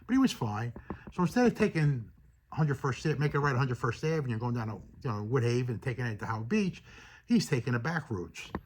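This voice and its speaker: A man's voice: mid-range voice, very animated, fast, slight background noise. A man telling a casual story from memory, rambling with many fillers and quoted dialogue. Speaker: storyteller recounting personal memories.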